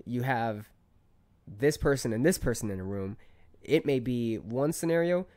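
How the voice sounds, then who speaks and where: A man's voice: animated, unhurried, warm tone. Worked-up swearing man telling a story. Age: 30s. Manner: heated storytelling, swearing, rising pitch when worked up. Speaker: podcast guest. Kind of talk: casual podcast chat.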